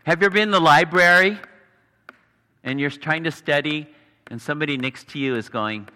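A man preaching a sermon, earnest and explanatory, pausing for emphasis. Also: fairly high pitch, bright, forceful tone. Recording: long hall reverb.

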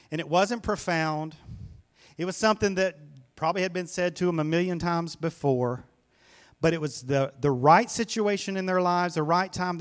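A man with a slightly higher-pitched voice preaches to his congregation. He speaks earnestly and conversationally, often circling back to repeat a key phrase. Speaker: pastor. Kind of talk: sermon. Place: church sanctuary.

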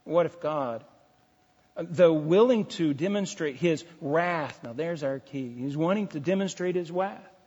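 A man's voice: fairly high pitch, measured pace, darkish tone, slightly rough. A man preaching an expository sermon as pastor, with emphatic rises and many restarts. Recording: dull lo-fi recording in a reverberant hall.

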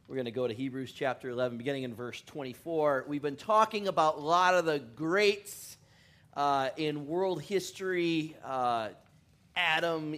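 Man, pastor, joking sermon, chuckles, self-deprecating, rambling, middling pitch. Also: a bit bright. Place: church in California.

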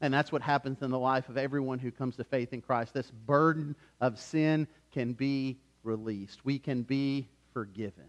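A man preaching a sermon as pastor, swinging from loud urgency to hushed softness and telling stories in a conversational way with frequent restarts. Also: mid-range voice, moderate pace, few pauses, lo-fi sound. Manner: conversational storytelling with repeated restarts.

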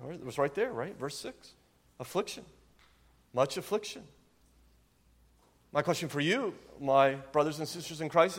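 A man's voice: a little high, long reverb tail. A man preaching a sermon as pastor, with an earnest, emphatic delivery and frequent rhetorical questions.

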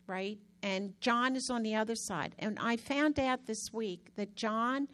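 Chatty woman telling a faith story. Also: a little high. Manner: chatty, animated storytelling with many restarts. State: recovering from a hand injury. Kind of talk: casual testimony.

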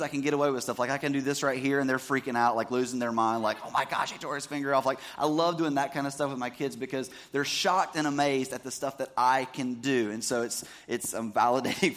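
A man's voice: mid-range voice, steady tone, fast, few pauses. A man in his thirties, a pastor giving a sermon, talking casually and checking that the congregation is following along.

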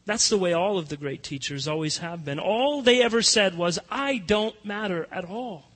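A man preaching a sermon as pastor, emphatic, moving between hushed and loud passages. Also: high voice, lively intonation, normal speed. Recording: long reverb of a church hall.

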